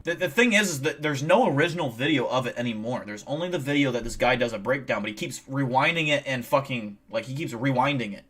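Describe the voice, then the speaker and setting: A man's voice: mid-range voice, fast talker, hardly any pauses, fairly bright tone. Profane rambling streamer man. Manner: rambling, profane, boastful storytelling. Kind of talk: casual live-stream chat.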